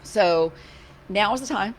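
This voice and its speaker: Chatty woman, wry and animated. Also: mid-range voice, unhurried, slight background noise. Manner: chatty, animated, a little sarcastic, frequent restarts. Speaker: county commissioner hosting office hours. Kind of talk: casual chat. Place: office.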